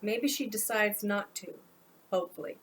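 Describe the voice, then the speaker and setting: A woman's voice: mid-range voice, moderate pace, a bit bright, a little hiss or hum, natural voice. A woman voicing a weary homeless man in her own audiobook, speaking in a dry, sarcastic way. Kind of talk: audiobook narration.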